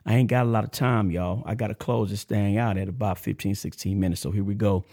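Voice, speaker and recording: A man with a low voice talks like a preacher, his energy swinging from hushed and earnest to loud, laughing shout-outs. The sound is dry and close, with no room around it. He reads a testimony aloud in a steady sermon cadence. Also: fast talker, few pauses, no echo. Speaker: podcast host. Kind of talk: casual preaching and reading a letter.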